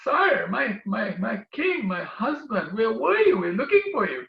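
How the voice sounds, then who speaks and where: A man's voice: sits high, very animated, measured pace, creaky, far from the mic, pitched above the performer's own voice, exaggerated voice. A man voicing an affectionate young queen who pleads with her husband in a raised voice. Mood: pleading. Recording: roomy, dull recording.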